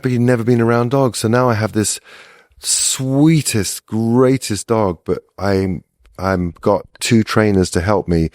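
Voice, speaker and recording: A man's voice: on the low side, darkish tone, no room sound, studio quality. A middle-aged man who is a guest on a podcast, telling a rambling, casual story full of restarts. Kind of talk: casual chat.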